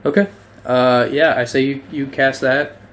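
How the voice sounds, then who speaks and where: A man runs a tabletop game as game master. He talks slowly and hesitantly, with plenty of ums as he works out rulings. His pitch sits in the middle of a man's range. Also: fairly even intonation, a bit bright, a little hiss or hum. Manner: hesitant, full of ums and rethinking.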